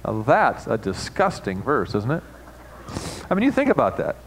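A man preaching as a pastor, moving from quiet reflection to emphatic, rising passages with playful asides. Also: medium pitch, huge pitch swings, normal speed, slight background noise, low-quality recording. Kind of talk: sermon. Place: church sanctuary.

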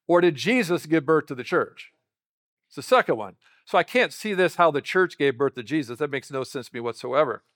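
A man's voice: high-pitched, a bit bright. A man preaching a sermon, teaching in a conversational way and putting rhetorical questions to the congregation. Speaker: pastor.

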